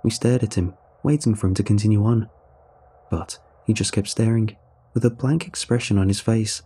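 Husky low-voiced male horror narrator. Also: fairly even intonation, moderate pace, dark tone.

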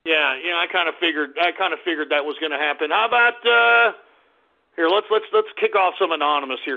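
A man hosting a call-in radio show, abrasive and yelling insults at his callers, heard with a tinny lo-fi sound. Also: on the high side, fairly quick, vocal fry. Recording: tinny lo-fi phone-line sound.

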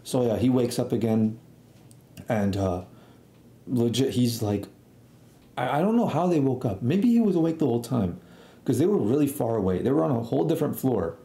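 Young man, casual storytelling, slangy and swearing, dark mellow voice, roomy echo. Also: medium pitch, lively intonation, normal speed, gravelly, pauses often. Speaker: storytelling streamer. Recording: echoey room.

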